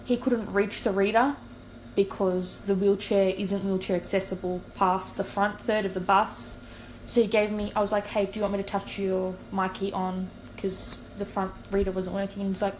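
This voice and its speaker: A woman's voice: medium pitch, a little hiss or hum, poor audio. A young woman, a podcast co-host telling a long story in casual chat and acting out what people said. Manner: animated, acts out quoted dialogue.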